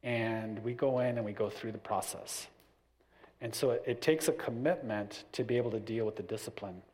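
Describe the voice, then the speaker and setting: Animated middle-aged man giving parenting advice. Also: fairly low pitch, normal speed. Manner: animated, acts out little scenes with family voices. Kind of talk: casual talk.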